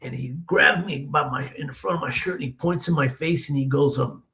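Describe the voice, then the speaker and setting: A man's voice: on the high side, brisk, bright, forceful tone, reverberant, poor audio. A man from the Denver area telling a long story as an interview guest, in a loose, slangy way with lots of "man" and "you know". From Denver area, USA.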